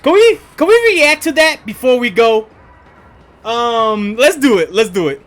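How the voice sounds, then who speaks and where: Streamer rambling on a stream, swears a lot, bouncy bright voice. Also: medium pitch, lively intonation, a little slow. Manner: rambling, swearing, laughing often. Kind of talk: casual stream chat.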